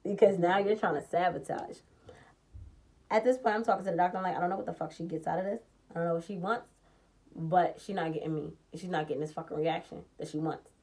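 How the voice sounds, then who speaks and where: A young woman in a casual storytime vlog, telling a personal story in a heated, profane, animated way and acting out the dialogue. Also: lowish voice, fast talker.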